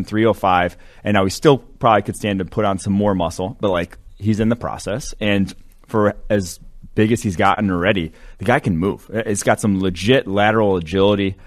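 A man co-hosting a sports podcast, talking loosely and rambling with lots of fillers. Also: lowish voice. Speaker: podcast co-host, draft analyst. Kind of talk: casual sports podcast chat.

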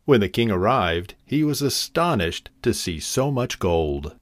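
Male storyteller, animated pitch, dry close sound, fairy-tale reading. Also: unhurried, no echo. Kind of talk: storybook narration.

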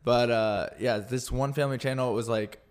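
A man's voice: mid-range voice, steady tone, normal speed, clean tone. A young man co-hosting a podcast in casual chat, teasing his partner and restarting his sentences often. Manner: teasing, joking, hesitant restarts. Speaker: podcast co-host.

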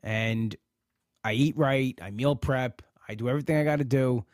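A man's voice: medium pitch, moderate pace, a little mellow, no room sound, clean studio sound. A man hosting a live podcast, talking in a frustrated, rambling way and often repeating himself. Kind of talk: emotional live talk.

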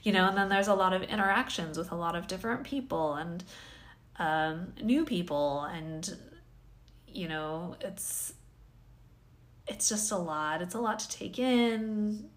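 A tired woman hosts a casual solo podcast, rambling and second-guessing herself between sighs, yawns, and small laughs. Her voice is fairly low and a little slow.

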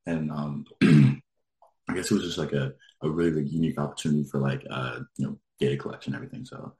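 A man with an extremely low, deep voice, chatting casually and rambling through a story with lots of filler words. He sounds like he's in a roomy, echoey space. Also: steady tone, fast, darkish tone. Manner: rambling, lots of likes, laughs while telling. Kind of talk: casual chat.

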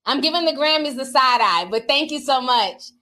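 A middle-aged Minnesota woman hosts a laid-back livestream, reading out super chats in a playful, slang-heavy, animated style and laughing a lot. Her voice sits high and she talks at a moderate pace.

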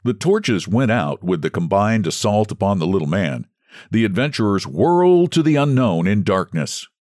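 A man hosting and reading a story aloud in scripted, expressive, dramatic narration. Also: on the low side, normal speed, no echo, studio quality. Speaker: host and story reader.

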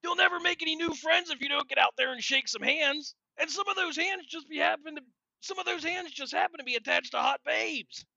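A man doing Michelangelo, shouty surfer turtle. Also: very high-pitched, fairly quick, gravelly, no room sound, pitched above the performer's own voice, full character voice. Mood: hyped. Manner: hyped, shouted surfer slang. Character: upbeat surfer-dude teen male ninja turtle. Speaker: podcast co-host. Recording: dull lo-fi podcast mic.

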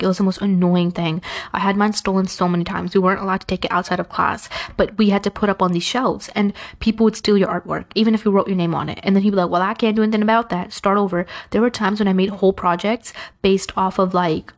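A woman's voice: medium pitch, fast talker. A young woman hosting a podcast, chatting casually and acting out the people in her stories. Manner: chatty, animated retelling with acted-out quotes. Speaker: podcast host. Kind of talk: casual storytelling.

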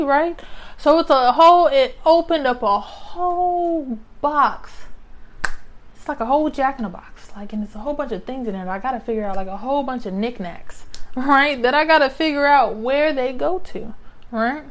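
Young adult woman, somewhat high voice, casual reflective monologue, conversational, frequent "right?" tags. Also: normal speed. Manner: conversational, often adds "right?" as a tag. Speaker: speaker sharing personal reflections.

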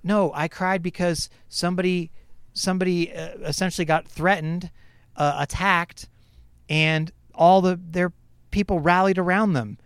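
A man co-hosting a podcast in casual chat, animated and teasing, mocking critics in exaggerated voices. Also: sits high, moderate pace, clean tone, dry recording. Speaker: podcast co-host.

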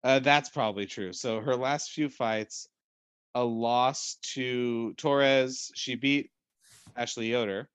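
A man's voice: mid-range voice, fairly even intonation, slow, a bit bright, smooth, no echo. A man co-hosting a casual sports podcast, rambling and joking, often hedging with "I don't know.". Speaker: podcast co-host.

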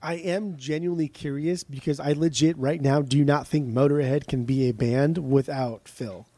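Male podcast co-host, casual and profane, stumbling restarts, dark tone. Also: on the high side, steady tone, normal speed, dry recording. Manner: rambling, profane, frequent restarts. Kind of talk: casual chat.

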